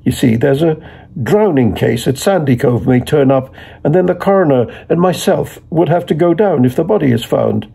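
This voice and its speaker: A man's voice: a little high, lively intonation, normal speed, creaky, mellow, breathy edge, heavily acted. A man reading the part of a chatty, eager middle-aged Dubliner who ingratiates himself while asking favors.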